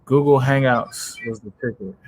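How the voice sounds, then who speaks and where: A man's voice: mid-range voice, normal speed. A man hosting a casual sports talk stream over an online call, laid-back and slangy. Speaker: stream host. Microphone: home mic on an online call.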